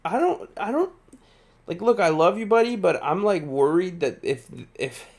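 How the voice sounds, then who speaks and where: This tired male streamer talks over live gameplay in a high, darkish voice that swings widely in pitch, at normal speed. He's chatty and casual, reading and answering viewer chat and laughing often.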